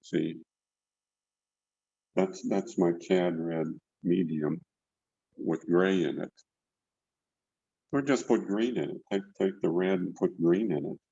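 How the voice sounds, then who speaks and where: Speaking slowly with long pauses, this older man teaches painting online from a studio, wandering in his talk and repeating himself while he paints. His low, creaky voice is mellow. Heard through a video call mic, the audio has no room sound and its highs are cut off.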